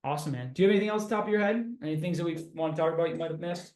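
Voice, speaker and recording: A man's voice: a little high, very fast. Upbeat man hosting in an echoey room. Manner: upbeat, energetic, says dude and bro. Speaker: podcast host. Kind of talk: casual podcast chat. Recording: roomy echo.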